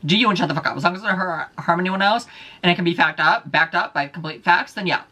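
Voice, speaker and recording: A man's voice: sits high, fast, bright, forceful tone. A man vlogging alone, ranting heatedly with heavy profanity and repeating his points. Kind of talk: casual solo vlog rant.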